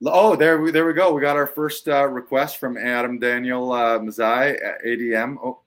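A man hosting a podcast in loose, casual banter. He talks in an animated way and jumps into playful bits, with an average-pitched male voice. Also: normal speed. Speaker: podcast host.

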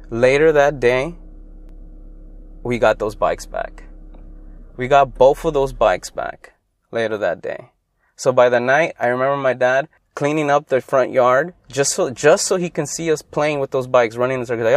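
A young adult man from Los Angeles, hosting his own podcast and telling childhood stories in a loose, rambling way that gets animated when he quotes people. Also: mid-range voice, measured pace, dry recording. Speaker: podcast host. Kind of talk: casual solo storytelling.

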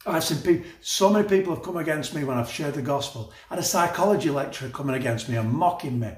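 Passionate preacher, echoey room. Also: male voice, fairly high pitch, animated, fast talker. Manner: passionate, laughs often, repeats phrases. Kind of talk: sermon.

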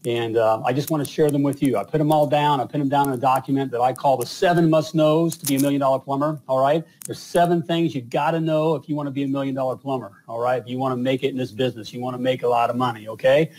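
A man's voice: medium pitch, steady tone, fast, hardly any pauses, darkish tone, a little hiss or hum, low-quality recording. A man, hosting a live show in casual, rambling talk full of fillers and repeated "all right?". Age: 50s. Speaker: podcast host.

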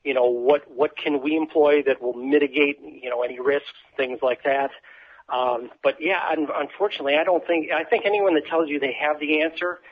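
A man guest answers interview questions in a hesitant, measured way, pausing on fillers. His voice is husky and sits a little high. He comes through a dull, lo-fi remote call line. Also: fairly even intonation. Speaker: event producer, podcast guest.

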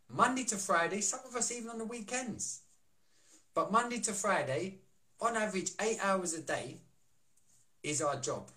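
A man with a high, pushed, bright voice coaches and chats during a casual live stream. As a wellness coach and co-host, he reads viewer comments out loud and asks rhetorical questions.

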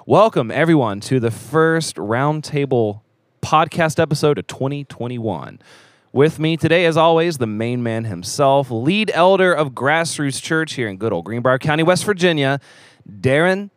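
A man's voice: mid-range voice, normal speed, no room sound, studio quality. Jokey man hosting a podcast. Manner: jokey, energetic, playful. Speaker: podcast host. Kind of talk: casual chat. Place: church theater.

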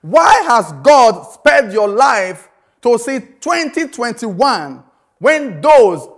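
A man's voice: very high-pitched, very animated, very slow, fairly bright tone. A man preaching a sermon, emphatic, repeating phrases and asking rhetorical questions.

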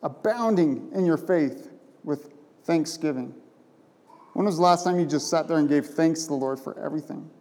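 A man's voice: on the high side, moderate pace, darkish tone. A man preaching a sermon from a pulpit, emphatic and conversational, often tossing in rhetorical questions. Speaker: pastor. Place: church sanctuary. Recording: long church reverb.

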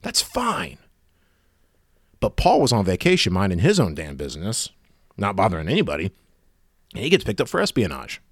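A man's voice: low voice, huge pitch swings, normal speed, pauses often, breathy edge, no room sound, clean studio sound. A man delivering a sarcastic, exasperated rant in a monologue. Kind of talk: ranting monologue.

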